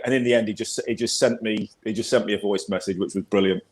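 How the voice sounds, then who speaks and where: Low-voiced English pundit, rambling. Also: male voice, fairly even intonation, fast. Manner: rambling, repeats words, chatty. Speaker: football pundit guest. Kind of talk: casual chat.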